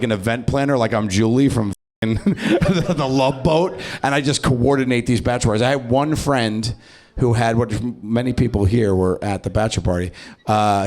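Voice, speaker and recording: A man doing improvised stand-up, animated and swearing, often laughing and acting out voices. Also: medium pitch. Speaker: stand-up comedian. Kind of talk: improvised stand-up crowd work. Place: comedy club stage.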